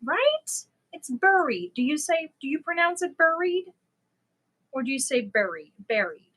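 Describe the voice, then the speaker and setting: A woman's voice: high voice, lively intonation, normal speed, a bit bright, rough recording. A middle-aged woman whose first language is not English, chatting casually and laughing at herself while hosting a livestream. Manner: chatty, self-deprecating, laughs often. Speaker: livestream host. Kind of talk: casual livestream chat with viewers.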